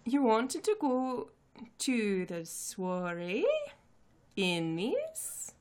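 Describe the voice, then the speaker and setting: A woman voicing a brisk, prim gnome woman who runs a laundry, speaking quietly and in disbelief. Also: fairly high pitch, sing-song, clean tone, full character voice. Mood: disbelieving.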